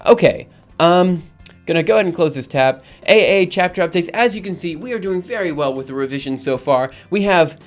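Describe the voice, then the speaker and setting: Upbeat male streamer, a touch high-pitched, chats loosely with viewers while coding; soft music under him. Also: lively intonation, a little fast. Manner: rambling, upbeat, lots of fillers and laughs. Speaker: livestream host. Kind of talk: casual coding livestream chat.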